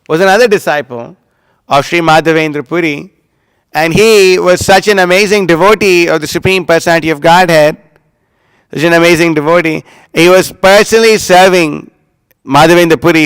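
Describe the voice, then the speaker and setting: A man with a somewhat high, smooth and clear voice leads a devotional class, chanting verses and then explaining them through storytelling. He acts out quoted lines with emphasis. The sound is close and dry, with no room echo. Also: a bit bright. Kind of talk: religious class talk.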